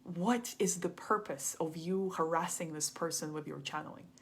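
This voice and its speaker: A woman's voice: on the low side, moderate pace, slightly rough. A woman quoting her blunt, probing friend. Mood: stern. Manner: direct, probing questions. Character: blunt female friend giving hard advice.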